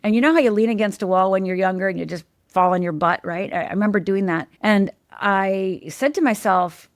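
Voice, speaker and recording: A woman's voice: mid-range voice, fairly quick, no echo, studio quality. A middle-aged woman, a life coach and podcast guest, telling a personal story candidly and emphatically, often checking in with "right?".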